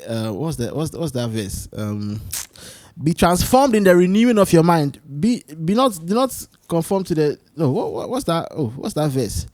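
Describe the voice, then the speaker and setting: A man hosting his own solo talk show, rambling and animated as he tells stories, often restarting his sentences. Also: a little high, moderate pace, dry recording. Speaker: podcast host. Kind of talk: casual solo chat.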